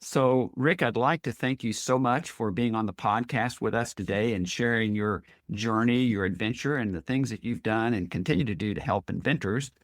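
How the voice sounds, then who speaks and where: A man's voice: fairly low pitch, moderate pace, hardly any pauses, no echo, clean studio sound. A man hosting a podcast interview, speaking earnestly and encouragingly as he sums up his guest's points. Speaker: podcast host. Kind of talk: casual interview chat.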